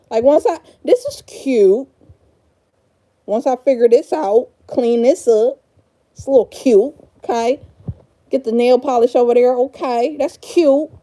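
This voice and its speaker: Slow-talking thirtysomething woman cussing and rambling on a live stream, mellow kinda high voice. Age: 30s. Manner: profane, frazzled and rambling; talks to herself while sorting a room. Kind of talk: casual livestream chat.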